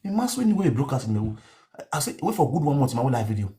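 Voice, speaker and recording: A man with a Nigerian accent hosts an online show, racing through a rambling story on a live stream in a mid-range voice. He's animated and repetitive, repeating words and mixing pidgin with a local language.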